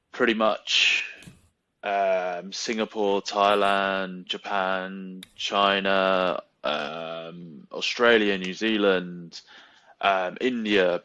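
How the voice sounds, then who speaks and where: Podcast host, male, unhurried and slow, deep-ish voice, dry close mic, rambling and teasing. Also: fairly bright tone, no echo, muffled recording. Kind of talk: casual sports podcast chat.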